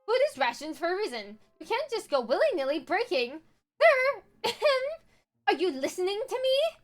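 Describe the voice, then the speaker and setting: A woman voicing a haughty, sharp-tongued noblewoman who lectures about rules. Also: very high voice, very animated, measured pace, soft background music, voice pushed up, full character voice. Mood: lecturing. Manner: prim and lecturing.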